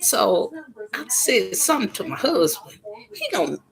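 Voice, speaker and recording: A woman's voice: on the high side, gravelly, poor audio. A middle-aged woman telling a story in casual chat on her live stream, exclaiming as she goes. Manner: animated, exclaiming, drawn-out Southern phrasing.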